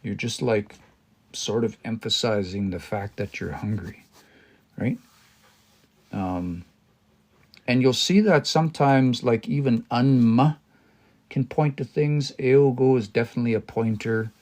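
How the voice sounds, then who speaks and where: A man of middle pitch teaching a language on a livestream from his desk. He thinks aloud and breaks things down word by word. He often stops and restarts his sentences. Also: a little slow, long pauses, darkish tone. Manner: hesitant, many restarts, explains word by word.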